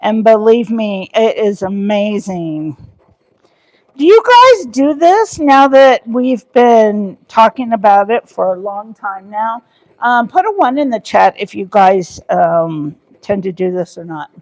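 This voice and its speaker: A woman's voice: medium pitch, animated, slow pace, a little mellow. A woman hosting a live cooking stream from her home kitchen, chatting loosely with her viewers as she works. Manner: chatty, rambling, talks to viewers in chat. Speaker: cooking livestream host. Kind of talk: casual live cooking chat.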